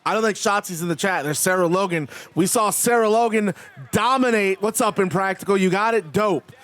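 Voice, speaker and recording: A man's voice: high voice, a little fast. A man calling a wrestling video game match play-by-play while chatting with his live stream audience, his voice cracking. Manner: excitable, chatty, talks to live chat. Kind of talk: play-by-play commentary.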